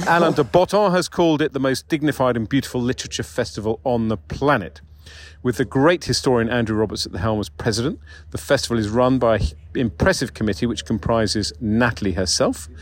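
A man hosting a podcast interview, introducing guests chattily with jokes and quick self-corrections. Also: medium pitch. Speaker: podcast host.

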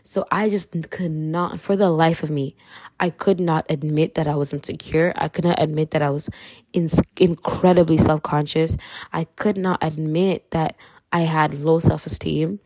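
A woman's voice: low voice, steady tone, normal speed, a little mellow, no echo, studio quality. A young woman from Kenya with a light Kenyan accent, candidly sharing her faith story in a chatty, slangy way and laughing often. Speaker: podcast host. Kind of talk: casual faith testimony.

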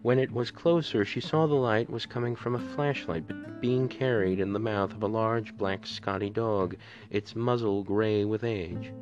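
Low-voiced man reading a story aloud. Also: moderate pace, lo-fi sound, over music. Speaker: podcast reader. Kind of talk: audiobook reading.

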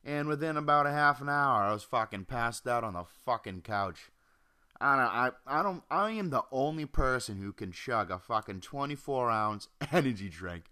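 Young male podcast host, solo rant at home, crisp voice, constant cursing, drifts off topic. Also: mid-range voice, pushed and bright. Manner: profane, rambling, jumps off topic. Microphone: home computer or desk mic.

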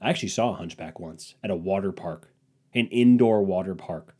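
A solo podcast host, young and male, talks in a low, brisk, mellow voice with a slight roughness. His comedic storytelling rambles, gets crude, and mocks himself.

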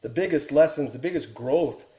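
A man in his forties, an Air Force helicopter pilot and author, tells a story as a podcast guest in a mellow, warm voice that's a little high and animated. He's earnest and reflective, pausing to restart his thoughts, and the room has a noticeable echo.

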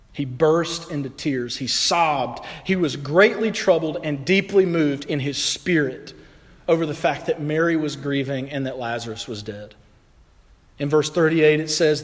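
A man's voice: fairly high pitch, moderate pace, big-room sound. A male pastor preaching a sermon in an earnest, emphatic, conversational way.

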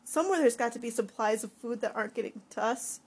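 Earnest teenage boy voiced by a woman, fretful, rising to agitated, fairly high, husky, audiobook. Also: a little fast, darkish tone. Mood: indignant.

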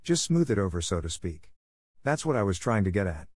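A man voicing a shy, gentle elderly farmer who coaxes kindly and hesitantly. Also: fairly low pitch, very animated, brisk, no echo, clean studio sound. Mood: coaxing.

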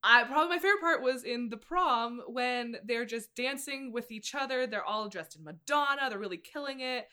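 A woman's voice: on the high side, normal speed, hardly any pauses, pushed and bright. A woman in her late twenties, co-hosting a podcast in bubbly, rambling casual chat. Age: late 20s. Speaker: podcast co-host.

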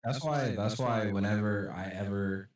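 A man's voice: fairly low pitch, a little slow, recorded from a distance. A man co-hosting a casual podcast chat who acts out what people say as he tells stories. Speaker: podcast co-host. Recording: echoey room, off the mic.

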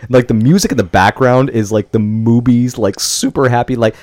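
A man's voice: medium pitch, fairly even intonation, normal speed, darkish tone, no room sound, studio quality, soft background music. A young man co-hosting a podcast, chatting casually and swearing as he retells a film scene. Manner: chatty storytelling with laughs and swearing. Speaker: podcast co-host. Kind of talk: casual chat recapping a film.

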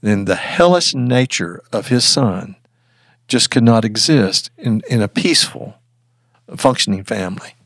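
A man's voice: on the low side, expressive, vocal fry, fairly bright tone, dry recording, clean studio sound. Earnest older man telling a story. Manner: earnest, halting with restarts. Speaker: guest. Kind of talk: storytelling in an interview.

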